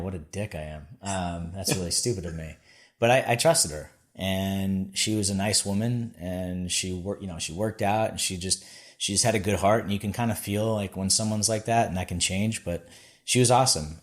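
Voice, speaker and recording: A man, a podcast guest, telling his founding story casually and acting out the people he quotes, with many "like"s. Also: on the low side. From Florida.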